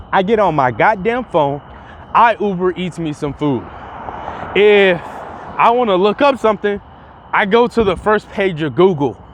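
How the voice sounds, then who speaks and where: A man's voice: sits high, slight background noise. A young man vlogging in casual commentary, rambling and profane, often restarting his sentences. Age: young adult.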